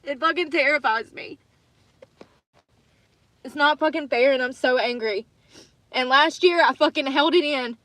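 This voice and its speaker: A woman with a high, bright, sharp voice pours out an angry, profane rant on a livestream, circling back to the same phrases. The sound is dry and close, with no room around it. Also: measured pace, pauses often, dry recording. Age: adult with children. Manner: angry, swearing, repeating herself. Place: in her car.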